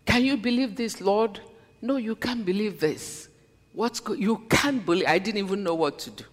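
A woman giving a personal testimony as a sermon, telling her story earnestly and then preaching with slow, stressed scripture quotes. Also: medium pitch. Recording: long reverb of a large hall.

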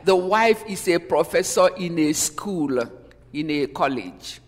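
Slow-spoken woman preacher in a reverberant hall. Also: on the low side, lively intonation, soft background music. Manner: emotional, repeats "you know", stops and restarts lines. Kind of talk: sermon, personal testimony.

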